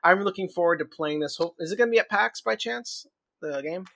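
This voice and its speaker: A man's voice: high-pitched, fast talker, gravelly, bright, forceful tone. A man hosting a casual podcast chat, eager and often restarting his sentences. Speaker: podcast host.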